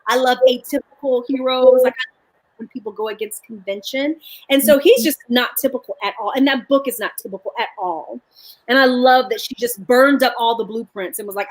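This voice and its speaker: A woman's voice: high voice, expressive, moderate pace, fairly bright tone, rough recording. A woman author telling stories with animation and many restarts in a live video chat. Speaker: author guest.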